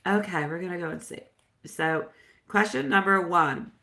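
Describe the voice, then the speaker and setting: A woman's voice: on the low side, moderate pace, creaky, bright, forceful tone. A woman doing a live-stream tarot reading, chatty and affectionate, dropping Italian phrases as she answers viewers. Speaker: tarot reader.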